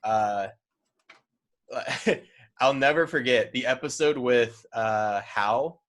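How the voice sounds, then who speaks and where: Podcast co-host, male, bright and forceful tone, loose profane storyteller. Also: mid-range voice, slow pace. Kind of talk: casual podcast chat.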